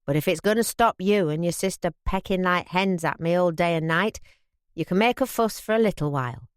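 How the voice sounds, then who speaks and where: Woman doing a gruff Yorkshire father in his fifties. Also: lowish voice, brisk, no echo, clean studio sound, lightly acted. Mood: grudging. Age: 50s. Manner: gruff, blunt, grumbling. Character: gruff proud Yorkshire father, aged fifty.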